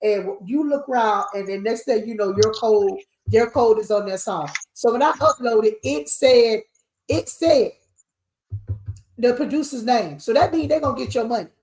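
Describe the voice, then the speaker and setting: Animated woman in echoey room. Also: fairly high pitch, moderate pace. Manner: animated, preachy, sings snippets. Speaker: award show CEO. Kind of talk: casual panel chat.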